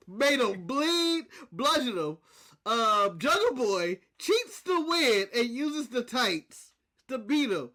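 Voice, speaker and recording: A man's voice: very high-pitched, bright, forceful tone. A man co-hosting a casual wrestling podcast, blunt and often laughing. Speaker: podcast co-host.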